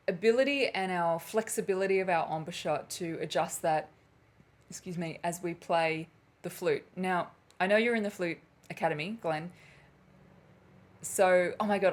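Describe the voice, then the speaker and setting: A woman hosting a live flute lesson and Q&A, chatty and self-deprecating, laughing at herself as she loses her thread. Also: on the low side. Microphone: camera mic on a live stream.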